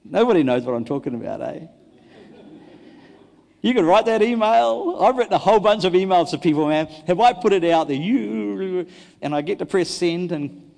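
A man, a pastor preaching a sermon, telling stories and swinging between loud and hushed delivery. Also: high voice, expressive, moderate pace, creaky. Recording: long hall reverb.

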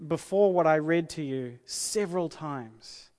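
A man preaching a sermon as pastor, earnest and emphatic, repeating key phrases slowly for weight. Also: fairly high pitch, a little mellow. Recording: long hall reverb.

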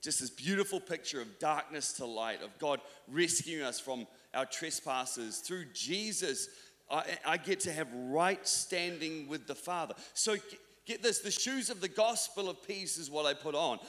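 In a church hall with long reverb, a New Zealand pastor delivers a sermon full of self-deprecating, conversational stories and frequent restarts. He sounds animated and fairly bright, with a somewhat high voice at normal speed.

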